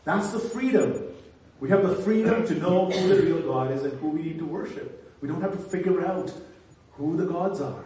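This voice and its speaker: A man's voice: fairly high pitch, normal speed, dark tone. Earnest male preacher in an echoing hall. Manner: earnest, repeats words as he restarts phrases. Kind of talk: sermon. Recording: very echoey hall from far off.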